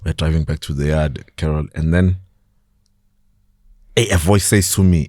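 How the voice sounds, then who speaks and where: South African male guest, very low dark voice, animated storyteller, dry close sound. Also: normal speed, pauses often, no echo. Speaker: podcast guest. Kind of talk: storytelling in an interview.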